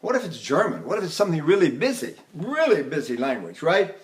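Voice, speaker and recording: A man's voice: big pitch swings, brisk. A man, an older voice teacher, giving a lecture on vocal technique and stopping to sing short demonstration phrases and syllables. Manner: breaks into sung and falsetto-high demonstration phrases.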